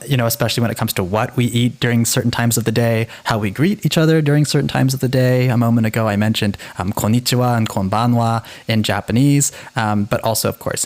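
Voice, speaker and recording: A man chats through language trivia as a podcast co-host. His voice sits at an ordinary middle pitch. He talks in an animated way, often stumbling and restarting his sentences. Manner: chatty, animated, self-correcting restarts. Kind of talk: casual educational chat.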